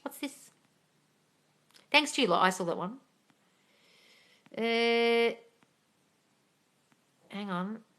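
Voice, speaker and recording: A woman's voice: on the high side, expressive, very slow, pauses often, fairly bright tone. Blunt, sweary woman on a livestream. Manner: blunt, swears freely, calls everyone darling. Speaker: manifesting coach answering live comments. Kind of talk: livestream Q&A reading comments.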